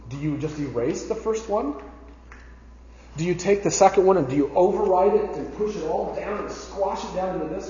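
A man with a fairly high voice teaches a Bible class, emphatic and conversational, restarting phrases as he thinks. He sounds muffled and dull, with a long echo from a large room. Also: darkish tone, slight background noise. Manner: emphatic, conversational, repeats words while thinking. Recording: echoey, dull room recording.

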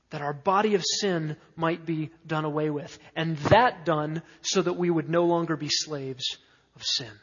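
A man's voice: high-pitched, breathy edge. A man preaching an expository sermon, emphatic, stacking lists of words with rising force. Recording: dull, echoey hall sound.

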